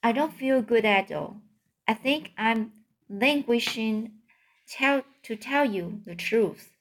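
A woman voicing a wise, tired female spider who speaks softly and weakly in a storybook reading. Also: a little high, lively intonation, slow, slight background noise. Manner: soft, weak and quiet.

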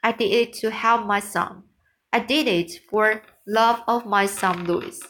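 A proud male trumpeter swan from a storybook, torn by guilt over what he has done for his son, as a woman reads him aloud. He speaks slowly and earnestly, stumbling and repeating words as he goes. The voice sits at an ordinary middle pitch. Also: a bit bright, slight background noise, natural voice. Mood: resolved.

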